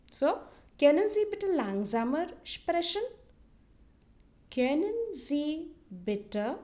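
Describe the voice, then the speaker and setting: A woman teaching as a language tutor, explaining phrases patiently and repeating each one slowly for the listener to copy. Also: medium pitch, a little mellow. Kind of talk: instructional explanation with slow repetition drills.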